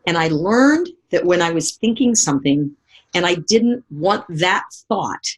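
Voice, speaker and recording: A middle-aged woman speaker giving a motivational seminar talk, telling lively stories and asking the audience direct questions. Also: lowish voice, measured pace, husky. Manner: animated storytelling, acting out remembered voices.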